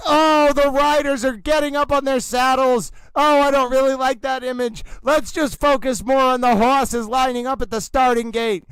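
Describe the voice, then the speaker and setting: A man's voice: very high voice, fairly even intonation, moderate pace, few pauses, fairly bright tone, clean tone, no echo, poor audio. A man hosting a comedic livestream, talking like an overwrought horse-race announcer with theatrical exclamations. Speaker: livestream trial commentator.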